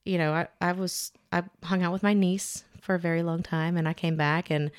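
A woman's voice: on the low side, fairly even intonation, moderate pace, smooth. A young adult woman co-hosting a podcast, chatting casually and telling stories with lots of fillers and restarts. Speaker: podcast co-host. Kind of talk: casual chat.

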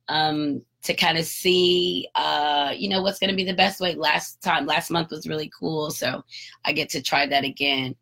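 A woman hosting her own podcast, telling a story in a candid, casual way, swearing freely and getting animated as she retells an argument. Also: low voice, gravelly. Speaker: podcast host and author.

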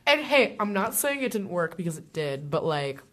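A young woman co-hosting a casual chat podcast, animated and swearing casually as she acts out quotes. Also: on the low side, normal speed. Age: young adult. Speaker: podcast co-host.

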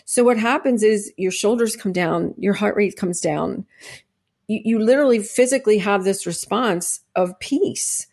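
A middle-aged woman appears as a podcast guest, speaking earnestly and at length in a conversational interview full of personal testimony. Her mid-range voice moves at normal speed with a slightly mellow quality, and she often restarts and uses fillers.

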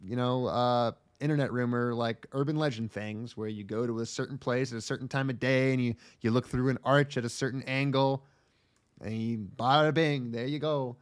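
A man co-hosts a podcast and recaps an anime in a loose, rambling way. His talk is crude and halting, full of ums and restarts. His pitch sits in an ordinary middle range. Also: fairly even intonation, smooth. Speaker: podcast co-host. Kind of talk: casual chat recapping an anime.

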